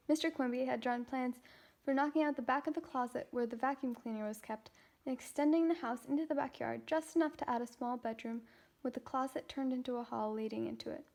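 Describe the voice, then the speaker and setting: High-voiced teenage girl reading aloud. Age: teens. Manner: steady reading with small slips and restarts. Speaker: children's book reader. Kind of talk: reading a chapter book aloud.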